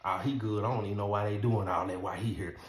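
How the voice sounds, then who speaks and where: A man voicing his calm older father, an inmate, speaking low and giving quiet advice. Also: fast talker, lightly acted. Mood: dismissive. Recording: roomy echo.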